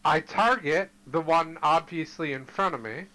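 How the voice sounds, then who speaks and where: Bright-toned man counting dice rolls. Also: moderate pace, rough recording. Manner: low-key, counts dice out loud. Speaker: player. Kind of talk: playing a tabletop game.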